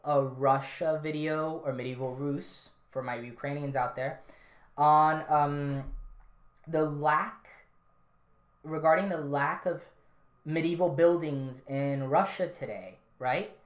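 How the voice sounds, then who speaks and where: A woman hosts a casual solo podcast, rambling offhandedly with lots of fillers and restarts. Her voice is deep and slow, in a roomy, echoey space.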